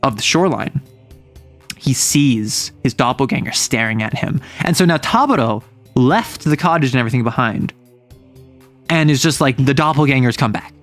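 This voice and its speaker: A man's voice: mid-range voice, expressive, moderate pace, soft background music. Give me a chatty male streamer retelling a story with wry asides. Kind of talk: casual retelling of a manga.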